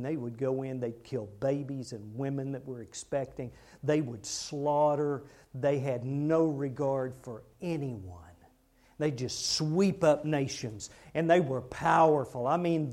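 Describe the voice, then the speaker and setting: A man's voice: mid-range voice, darkish tone. A man preaching a sermon in a conversational way, firing rhetorical questions at the congregation.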